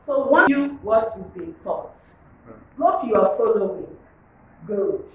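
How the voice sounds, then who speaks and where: A woman teaching a phonics lesson, drilling words slowly and asking the class to repeat them. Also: medium pitch, animated, slight background noise. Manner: slow, drilling, repeats words and asks to pronounce. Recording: echoey room, voice from far off.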